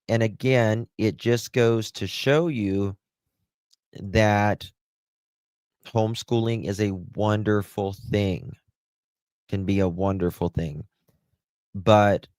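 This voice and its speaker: Slow, low Southern man. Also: darkish tone, no echo. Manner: slow, drawling, affectionate with viewers. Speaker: true-crime show host. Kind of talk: live-stream commentary, reading news and greeting chat.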